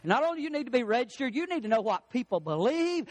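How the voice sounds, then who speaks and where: High-voiced preacher, emphatic and dry. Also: male voice, big pitch swings, no room sound. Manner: emphatic, drawn-out stresses on key words. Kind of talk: sermon.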